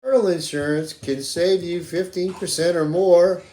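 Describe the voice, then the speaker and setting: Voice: medium pitch, fairly even intonation, normal speed, noisy background, natural voice. A performer voicing an upbeat announcer in a spoof insurance ad within a homemade puppet show. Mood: salesy.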